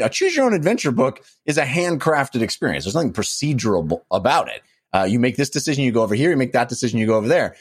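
A man co-hosting a gaming podcast, talking casually and restarting and rephrasing as he works through his thoughts. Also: medium pitch. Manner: animated, restarts and stacks qualifiers. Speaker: podcast co-host. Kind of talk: casual chat.

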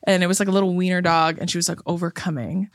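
A woman guest on a podcast, telling a story with lively, acted-out quotes. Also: fairly low pitch, fast talker, no echo, studio quality. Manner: expressive storyteller, acts out quotes, swears. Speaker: guest co-host. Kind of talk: casual podcast chat.

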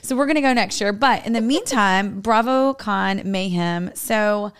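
Podcast co-host, woman, animated and loose, laughs a lot. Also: medium pitch, a little slow, clean tone. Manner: animated, laughs often, swears casually. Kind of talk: casual chat.

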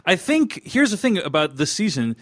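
A man's voice: high-pitched, big pitch swings, moderate pace, a bit bright, dry recording. A man hosting a podcast, talking in a thoughtful, hesitant way with many fillers. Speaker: podcast host. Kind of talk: casual chat.

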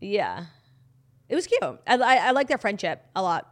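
A woman's voice: medium pitch, very animated, normal speed, a bit bright. A woman co-hosting a podcast, giving opinionated and sarcastic takes in casual pop culture chat, with casual swearing. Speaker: podcast co-host.

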